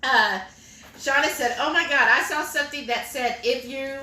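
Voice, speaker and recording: A woman's voice: sits high, moderate pace, bright, forceful tone. A woman, co-hosting a cooking livestream and reading viewer comments aloud in a chatty, giggly way. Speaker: cooking stream co-host. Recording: echoey kitchen room.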